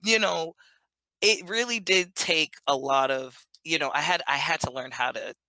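A woman in her thirties chatting as a podcast guest, telling animated stories with frequent laughter. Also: low-pitched, moderate pace, dry recording. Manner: animated storyteller, laughs often, acts out quotes. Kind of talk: casual interview chat.

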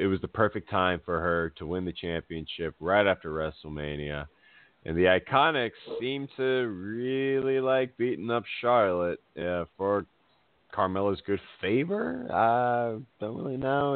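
A man co-hosting a casual wrestling chat, talking in an animated, rambling way and laughing often. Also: deep voice, normal speed, dry recording. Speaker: podcast co-host. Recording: dry, phone-like audio.

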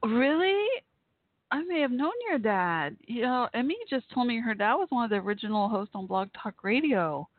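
Excitable host on a tinny phone line. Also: medium pitch, no room sound. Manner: excitable, full of gasps and exclamations. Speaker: talk show host. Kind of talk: casual online radio talk show.

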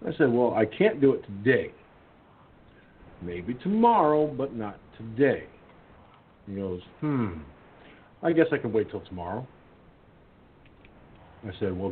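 A man hosting a casual call-in radio talk show tells a rambling story, restarting often, using lots of fillers and acting out his friends' lines. His voice is medium-pitched over a tinny phone line with slight background noise.

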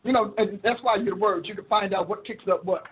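A woman preacher and show host teaching in a sermon style, expressive and quick to laugh, acting out her prayers. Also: medium pitch, breathy edge. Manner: expressive, acts out prayers and quotes, laughs often. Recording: tinny phone-like audio.

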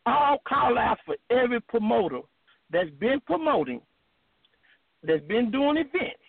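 A man talking on a phone-in show, animated and rambling, with lots of emphasis. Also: extremely high pitch, a little slow, gravelly, no echo. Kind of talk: casual phone-in chat. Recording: tinny phone line.

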